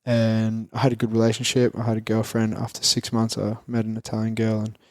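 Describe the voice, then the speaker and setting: A man's voice: fairly low pitch, completely flat delivery, brisk, no room sound, studio quality. A man in his twenties with an Australian accent, a guest in an interview, talking in a rambling casual way full of fillers and restarts.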